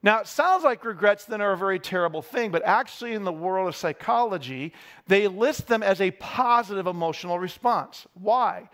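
High-voiced man preaching a sermon. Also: lively intonation, moderate pace, a bit bright. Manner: candid, self-deprecating storytelling.

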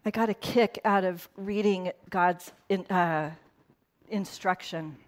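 A woman's voice: lowish voice, slow. Middle-aged lady pastor, chatty sermon, keeps going off on little asides. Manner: conversational, laughing asides, quotes in put-on voices. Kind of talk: casual sermon.

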